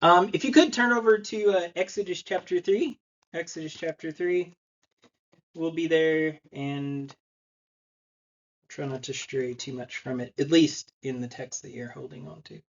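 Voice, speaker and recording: A man's voice: on the high side, a little slow, dull audio. A man in his thirties preaching a sermon in church, telling stories in a conversational way. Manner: storytelling, conversational, acts out quotes. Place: church sanctuary.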